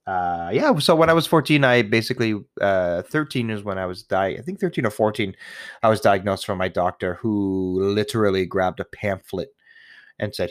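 A man's voice: on the low side, expressive, moderate pace, no echo, clean studio sound. A young man, a new father, talking casually and candidly to the camera, rambling, swearing often and laughing at himself. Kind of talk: casual personal monologue.

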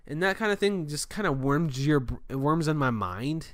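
A man's voice: on the high side, lively intonation, moderate pace, no echo, clean studio sound. A man who runs a store department, telling a rambling, frustrated story to his viewers in a casual rant. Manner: frustrated, venting.

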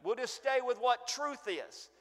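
A man preaching a sermon, emphatic, swinging between booming stresses and hushed asides. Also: lively intonation, measured pace. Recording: long echo of a church hall.

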